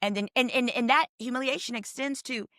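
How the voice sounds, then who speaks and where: A woman attorney, a podcast guest, telling stories in a lively way and acting out the quotes she retells. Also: high voice, fairly quick, dry recording, clean studio sound. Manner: animated storyteller, acts out quotes. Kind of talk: casual podcast interview.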